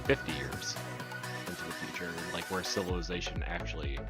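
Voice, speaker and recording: A man's voice: low-pitched, animated, fairly quick, vocal fry, over loud music. A man co-hosting a casual video game podcast, tossing in jokey asides. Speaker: podcast co-host. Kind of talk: casual chat.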